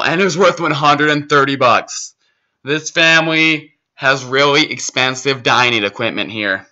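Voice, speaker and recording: A young man hosts his gaming channel with goofy, rambling commentary. His voice is very bright and forceful, and he keeps cracking jokes at his own expense. The recording sounds dull and lo-fi. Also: medium pitch, unhurried, faint music behind. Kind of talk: gameplay commentary. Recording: dull lo-fi mic.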